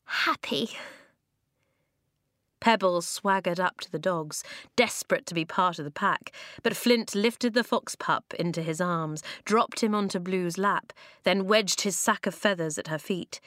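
Female audiobook narrator, lowish voice, dry close recording, children's fiction. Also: moderate pace, fairly bright tone, dry recording. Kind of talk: audiobook reading of a children's novel.

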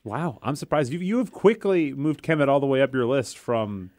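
A man's voice: medium pitch, sing-song, moderate pace, a little mellow, no echo, studio quality. A man hosting a casual chat about board games, joking and laughing often. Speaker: host.

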